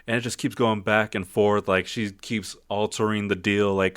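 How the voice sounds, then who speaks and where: A man's voice: fairly low pitch, little pitch movement, normal speed, fairly bright tone, clear, resonant tone, no room sound, studio quality. A man giving a casual spoken film review. He rambles, second-guesses himself and uses lots of fillers. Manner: rambling, self-doubting, many fillers.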